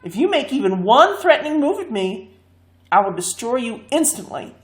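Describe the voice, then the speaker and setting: A woman's voice: fairly high pitch, big pitch swings, normal speed, reverberant, voice pushed up. A woman doing a menacing portly villain. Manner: blunt and threatening. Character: portly magic-hating man, cold and menacing.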